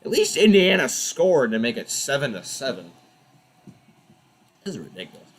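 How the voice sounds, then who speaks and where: At a normal speed, a young man with a medium-pitched, slightly breathy voice offers casual live commentary while hosting people to watch football. He rants with animated exasperation about the referees.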